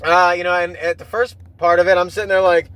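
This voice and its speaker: A man's voice: sits high, steady tone, fast, a bit bright, smooth, no room sound. A man hosting his own podcast, talking in a casual, rambling, profane monologue full of restarts. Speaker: podcast host.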